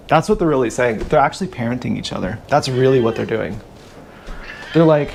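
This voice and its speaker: A man rambling crudely through a live stream monologue, often clearing his throat. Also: mid-range voice, animated, moderate pace, a little hiss or hum. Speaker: livestreamer. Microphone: action camera.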